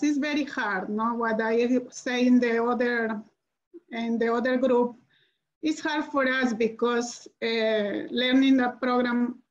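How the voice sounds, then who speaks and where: Immigrant mother, non-native English, slow halting testimony, high voice, dull lo-fi call sound. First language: not English. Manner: halting, searching for words, tag "no?". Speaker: immigrant parent panelist. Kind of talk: emotional personal testimony.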